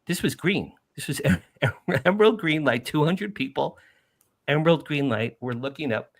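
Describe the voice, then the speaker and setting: Middle-aged guest from New Jersey; gravelly, dry-sounding, emphatic storyteller who repeats for effect. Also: male voice, fairly high pitch, normal speed, no echo. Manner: animated, repetitive, emphatic. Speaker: podcast guest. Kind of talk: emotional first-person storytelling.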